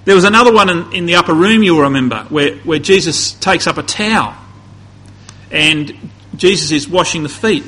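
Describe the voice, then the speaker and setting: A man preaches in a conversational way, often restarting phrases and then climbing to emphatic high points. His voice sits a little high for a man and sounds bright and forward. It has a slightly husky edge. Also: moderate pace, poor audio. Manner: conversational, rising to emphatic peaks, frequent restarts. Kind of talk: sermon.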